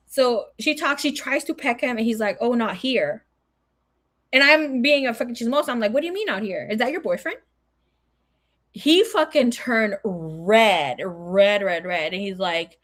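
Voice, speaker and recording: A young adult woman, telling a story in a casual, animated way, swearing a lot and acting out what people said. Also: a little high, normal speed.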